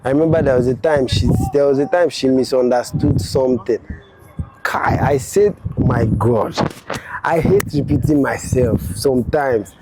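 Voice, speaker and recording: A man's voice: medium pitch, normal speed. A young man speaking candidly and with some exasperation about a falling-out. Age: young adult. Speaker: platoon executive, interviewee. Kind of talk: casual storytelling. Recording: loud background noise.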